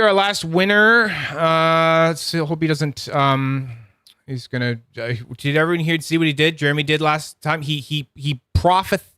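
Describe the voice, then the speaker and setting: A man's voice: fairly high pitch, sharp tone, clear, resonant tone, no room sound, studio quality. A man hosting a casual livestream review, rambling and chatty, swearing freely and greeting viewers by name. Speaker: host of a livestream review channel.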